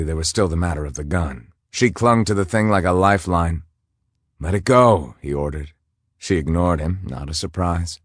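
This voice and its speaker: A male narrator reads a romance novel aloud in a measured, intimate way. His voice sits very low, and the close, dry recording has no room sound at all. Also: no echo. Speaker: audiobook narrator.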